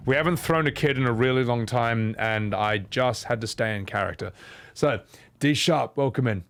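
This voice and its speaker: A man's voice: medium pitch, normal speed, fairly bright tone. A young man live-streaming a game, chatting casually with viewers in rambling, swearing rants.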